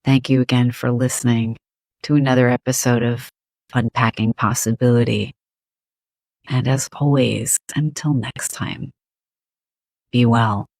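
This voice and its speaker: A woman psychologist hosting a solo podcast, talking in a gentle, unhurried way with soft fillers. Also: extremely low pitch, fairly even intonation, no echo.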